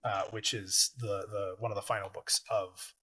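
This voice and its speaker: Bright-voiced man hosting a casual podcast. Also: lowish voice, moderate pace. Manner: animated, acts out quoted characters in passing. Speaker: podcast host.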